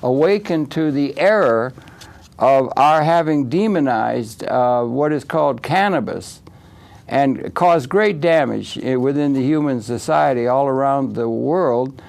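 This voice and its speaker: A man's voice: medium pitch, a little slow, gravelly, darkish tone. A man hosting an interview show, rambling and editorializing, with many affirming interjections. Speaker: host.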